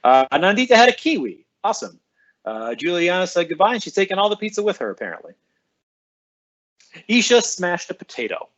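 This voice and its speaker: Speaking in a high, sing-song voice that is fairly quick and fairly bright, a man who works as a school librarian chats casually with students on a live stream. He cheerfully reads their names and comments aloud and responds, though the audio is dull.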